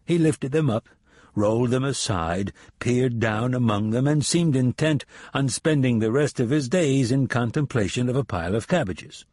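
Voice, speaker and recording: Male audiobook narrator, husky timbre, mid pitch, measured thriller read, dry. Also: lively intonation, darkish tone, no echo. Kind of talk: scripted narration.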